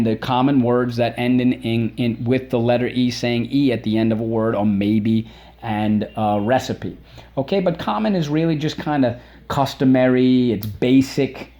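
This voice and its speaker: Middle-aged guy teaching kids spelling, repeats every word, breaks it into syllables. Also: mid-range voice. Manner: lively, repeats words and sounds out syllables. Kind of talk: spelling lesson for children.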